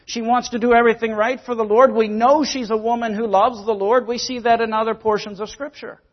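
A man's voice: very high voice, little pitch movement, fairly quick, muffled recording. A man preaching a sermon, earnest and emphatic, sometimes repeating words as he explains scripture. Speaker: pastor.

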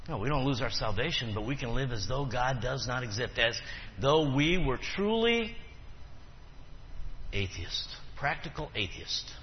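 A man's voice: medium pitch, animated, unhurried, slight background noise. A pastor preaching a sermon to his congregation, quizzing them with questions and repeating key phrases for emphasis. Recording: reverberant hall, dull lo-fi sound.

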